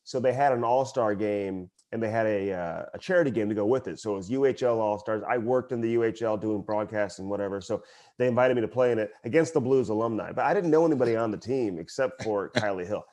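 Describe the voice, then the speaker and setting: A man's voice: on the low side, fast talker, darkish tone. A man co-hosting a podcast who works as a broadcaster, telling a story in casual chat while laughing at himself.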